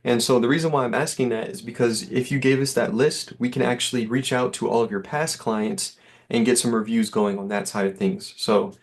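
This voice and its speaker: A man's voice: medium pitch, steady tone, a little fast. A man giving an easygoing, reassuring sales demo over a call, with lots of fillers. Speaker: software sales rep.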